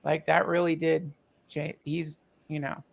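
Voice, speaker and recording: Man with a high, gravelly voice, halting. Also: flat delivery. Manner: emotional, halting, many fillers and restarts. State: tearful. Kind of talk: casual storytelling.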